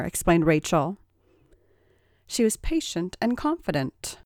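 A woman's voice: lowish voice, sing-song, a little slow, dark tone, no echo, clean studio sound. A woman narrating scripted adult fiction who reads expressively and gives each character a voice.

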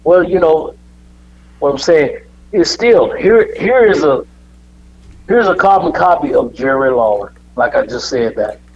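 A man's voice: fairly high pitch, animated, unhurried, darkish tone, a little hiss or hum. Rambling older man telling stories. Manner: rambling, repeats words, quotes others. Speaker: guest. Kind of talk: podcast storytelling. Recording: dull lo-fi audio.

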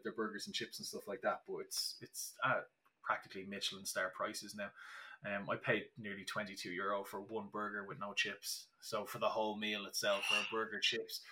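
Young irish guy chatting on a podcast, bright forceful voice, keeps restarting his sentences, lots of "like". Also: on the low side. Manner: chatty storyteller, many restarts and fillers. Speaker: podcast guest. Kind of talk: casual podcast chat.

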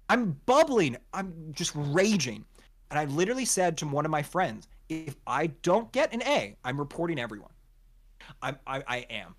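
A young man telling a story on a podcast with friends, exasperated and swearing, acting out what people said. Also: fairly high pitch. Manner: animated, exasperated, swears a lot, acts out quotes. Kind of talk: casual storytelling chat.

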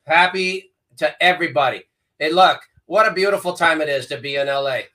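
Breezy male guest, somewhat high and bright voice, casual sports chat. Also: fairly quick. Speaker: podcast guest.

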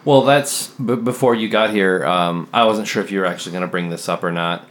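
Deep-voiced man rambling with fillers. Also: fairly quick. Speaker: podcast co-host. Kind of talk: casual music discussion.

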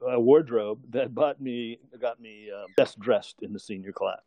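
A man's voice: mid-range voice, normal speed, mellow, no room sound. An older man telling a long story in casual conversation, rambling, chuckling and correcting himself as he goes.

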